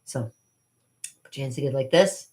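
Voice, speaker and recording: A woman's voice: extremely low pitch, moderate pace, darkish tone. A woman magician and channel host, telling rambling stories about her childhood in a chatty, digressive way, with frequent laughs and fillers. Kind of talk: rambling personal storytelling.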